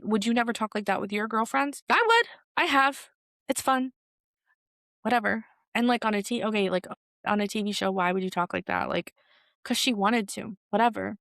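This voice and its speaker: A young woman hosts a podcast and talks through reality TV gossip in a loose, chatty way, filling her sentences with "like". Her voice has a gravelly fry, and the recording is dry and close. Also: mid-range voice, no echo. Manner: chatty, animated, full of "like" fillers. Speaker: podcast host. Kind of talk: solo pop culture commentary.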